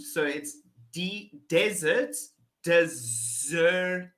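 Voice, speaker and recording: A woman with a South African accent tutors English in a one-on-one pronunciation lesson over a video call, patiently repeating words and laughing often. Her voice is on the low side and a bit bright, animated, with drawn-out words.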